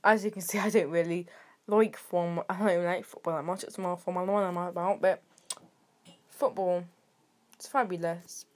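A British teenage girl hosting her own podcast, rambling and sarcastic, with sudden jumps in loudness. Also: fairly low pitch, steady tone, normal speed. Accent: British English. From Britain. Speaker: podcast host. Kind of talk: casual solo podcast chat.

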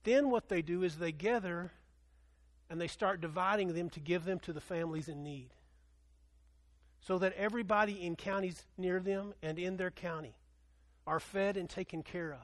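A man preaching a sermon, telling a story with animation, swinging from loud excitement to hushed earnestness. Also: high voice, moderate pace. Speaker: pastor.

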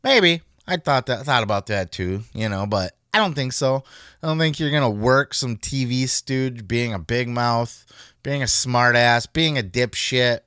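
A man's voice: mid-range voice, a little slow, a bit bright, clear, resonant tone, no echo, clean studio sound. A man hosting a podcast, talking casually in a heated, profane rant. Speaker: podcast host. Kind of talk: casual chat.

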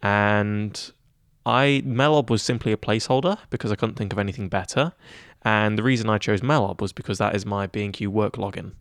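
A young man in his twenties talking in a relaxed interview, chatty and self-deprecating with lots of fillers. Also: fairly low pitch, fairly quick, no room sound, clean studio sound. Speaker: head of news at student radio. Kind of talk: casual interview chat.

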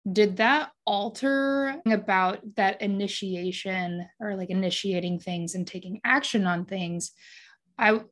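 A woman hosting a casual interview, thoughtful and affirming, asking long open questions. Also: mid-range voice. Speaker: host.

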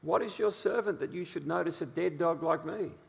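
A man's voice: a little high, fairly quick, gravelly. A cowering lame man who calls himself worthless before the king, spoken by a male preacher. the voice is raised and carries the echo of a long church hall. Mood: humble. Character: terrified lame man expecting death.

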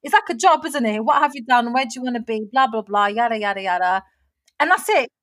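Animated high-voiced woman. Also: quick pace. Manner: animated, indignant storyteller. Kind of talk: casual chat.

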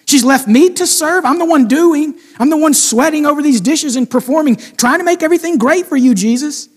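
Brief: male preacher playing an irritated, overworked woman who fires pointed complaints, high and quick. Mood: aggrieved. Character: exasperated woman complaining while serving.

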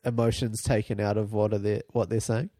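A man with a dark, mellow voice co-hosting a casual podcast, explaining things in halting runs full of ums. The sound is dry and close-miked. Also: fairly low pitch, little pitch movement, no echo. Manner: rambling, halting explanations with fillers. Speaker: podcast co-host. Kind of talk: casual chat.

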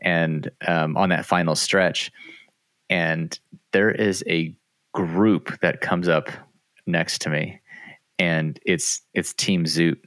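A man's voice: low voice, fairly even intonation, takes it slowly, fairly bright tone, no echo. A man hosting a podcast, chatting casually in a rambling way with many restarts. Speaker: podcast host. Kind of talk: casual chat.

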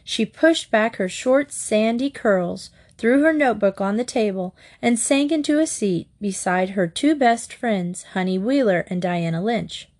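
A woman reading a children's mystery book aloud in a clear, measured storybook narration. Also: mid-range voice, animated, darkish tone. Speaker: audiobook reader.

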